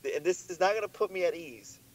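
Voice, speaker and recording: Animated, swearing podcast guy. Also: fast talker, low-quality recording. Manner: animated storytelling, swears often, gets high and excited when anxious. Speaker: podcast co-host. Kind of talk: casual chat.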